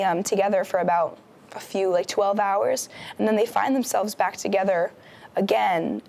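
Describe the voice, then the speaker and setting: A woman's voice: mid-range voice, gravelly, darkish tone. A young woman co-hosting a campus TV show, chatting casually about shows and retelling plots with lots of fillers. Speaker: guest co-host. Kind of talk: casual pop-culture chat. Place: campus TV studio.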